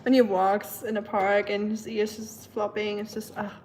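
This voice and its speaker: A woman's voice: mid-range voice, flat delivery, moderate pace, a little mellow, poor audio. Chatty woman live-streaming from her kitchen. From learned British English. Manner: chatty, talks to her dog and reads comments. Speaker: livestream host. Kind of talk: casual live-stream chat while cooking. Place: home kitchen. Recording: clear kitchen background noise. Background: kitchen clatter of dishes and pots.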